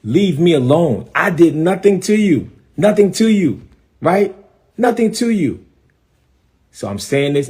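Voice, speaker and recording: Emphatic, animated New preacher. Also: male voice, fairly high pitch. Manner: emphatic, repeats phrases, defiant. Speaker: bishop and preacher. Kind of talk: live-stream rant.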